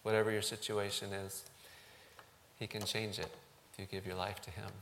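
A man, a pastor, speaking haltingly to his congregation and leading a prayer. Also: on the low side, little pitch movement, a bit bright, a little hiss or hum. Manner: halting, with frequent ums. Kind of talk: church service address and prayer.

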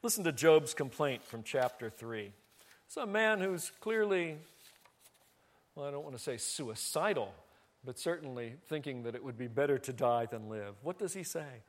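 A man's voice: medium pitch, expressive, normal speed. A middle-aged man preaching a sermon as pastor, earnest and conversational.

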